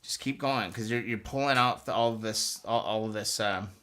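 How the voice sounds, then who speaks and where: A man's voice: lowish voice, normal speed, bright, forceful tone. A man hosting a live stream, chatting casually and coaching viewers step by step through a hands-on task. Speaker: host of a motorcycle restoration live stream.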